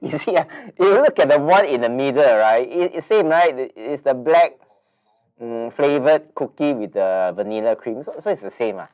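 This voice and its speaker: Speaking at normal speed with lively intonation, this webinar host has a mid-range, slightly mellow voice. He's a Singaporean English-speaking man in his forties who sounds nasal and blocked up, rambling casually with lots of fillers and repetitions.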